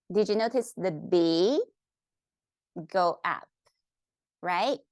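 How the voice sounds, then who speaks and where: Woman language teacher, unhurried and upbeat, dry close sound. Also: mid-range voice, a little mellow, no room sound. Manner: upbeat, coaxing, asks the viewer questions. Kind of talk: online language lesson.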